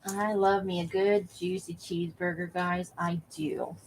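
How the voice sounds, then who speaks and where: A woman's voice: lowish voice, flat delivery, a little slow, slight background noise, low-quality recording. Chatty woman crafting at home. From Nevada. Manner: chatty, laughs often, talks to viewers. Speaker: craft livestream host. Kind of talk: casual chat while crafting.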